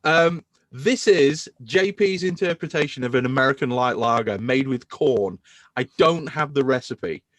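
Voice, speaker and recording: A man's voice: medium pitch, moderate pace, no echo. A man hosting a podcast in casual chat, enthusing about beer. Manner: enthusiastic, animated beer talk. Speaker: podcast host.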